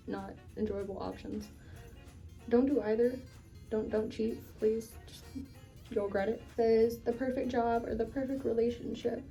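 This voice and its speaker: A woman's voice: on the high side, far from the mic. A young woman vlogger chatting casually while curling her hair, answering viewer questions with plenty of ums. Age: young adult. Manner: relaxed and chatty, frequent ums.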